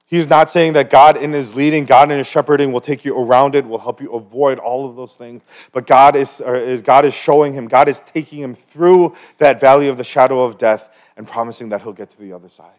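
A man's voice: medium pitch, fairly quick, hardly any pauses. A man preaching a conversational sermon at a church service, with personal stories and asides, building to emphatic rhetorical questions. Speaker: pastor.

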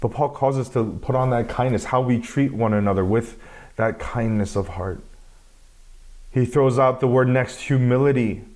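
A man's voice: medium pitch, moderate pace, darkish tone. A man preaching a sermon in a conversational, self-deprecating way, often restarting his sentences. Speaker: pastor.

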